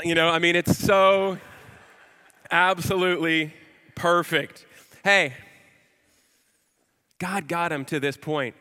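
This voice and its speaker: Forceful, bright-voiced preacher in a reverberant hall. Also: male voice, fairly high pitch, a little slow, long pauses. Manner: animated storytelling, emphatic repetitions. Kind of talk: sermon.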